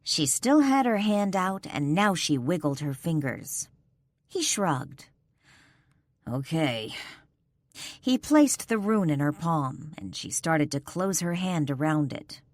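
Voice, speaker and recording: A woman narrates a paranormal romance audiobook, reading the script in a measured, expressive storytelling style. Her voice is fairly low, and the studio-quality recording has no room sound.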